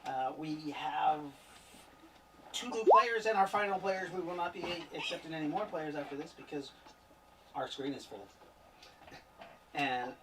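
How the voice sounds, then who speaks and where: A man's voice: fairly high pitch, unhurried, pauses often, far from the mic. Male game master in his 40s, joking and teasing, set back from the mic with faint background noise. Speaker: game master and stream host. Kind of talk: casual chat running a streamed tabletop game.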